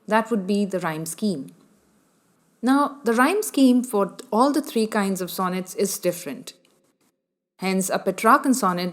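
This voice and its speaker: A woman teaching a literature lesson in a measured way, explaining step by step and asking the listener questions. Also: medium pitch, animated. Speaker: literature lecturer. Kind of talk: explanatory lecture.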